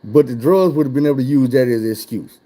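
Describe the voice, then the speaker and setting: A man's voice: mid-range voice, quick pace, dark tone. A man telling a wild personal story in casual, profane chat, his voice jumping up when he gets worked up.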